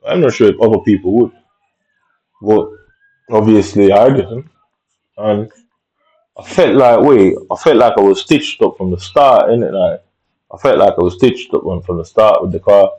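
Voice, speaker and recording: A man's voice: fairly low pitch, moderate pace, pauses often, warm tone, poor audio. A man with telling an angry personal story, rambling and profane, full of tag questions. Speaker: vlogger.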